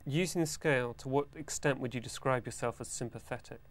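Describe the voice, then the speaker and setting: A man asking brisk, matter-of-fact interview questions from a questionnaire. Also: medium pitch.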